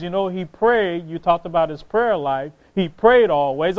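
A man's voice: sits high, lively intonation, a little slow, few pauses, highs cut off. A man preaching a sermon, impassioned, reading scripture aloud and repeating phrases for emphasis.

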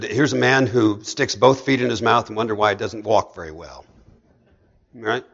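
A man preaching a sermon, swinging between hushed storytelling and emphatic, rising delivery. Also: mid-range voice, lo-fi sound.

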